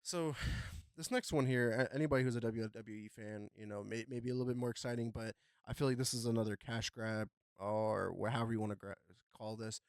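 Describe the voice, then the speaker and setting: A young man hosting a podcast, chatting casually about gaming news with a relaxed, rambling delivery full of fillers. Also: medium pitch, a little fast, hardly any pauses, clean tone, no echo, clean studio sound. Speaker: podcast host.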